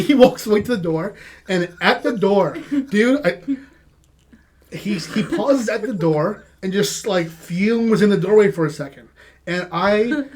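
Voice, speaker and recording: A man hosting a podcast, telling a story from his teaching days in a halting way, with many restarts and laughs. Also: sits high. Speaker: podcast host and former teacher. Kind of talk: casual podcast chat.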